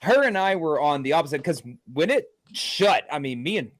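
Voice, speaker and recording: A man's voice: fairly high pitch, big pitch swings, normal speed, dry recording. A man who is a paranormal investigator, telling a detailed story in a group interview and restarting his sentences often.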